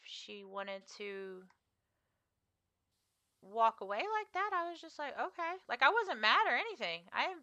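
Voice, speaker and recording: Bright, lively woman chatting on stream. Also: fairly high pitch, a little slow, pauses often, no room sound, lo-fi sound. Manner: chatty, rambling, laughs often, many fillers. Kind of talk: casual live-stream chat while gaming.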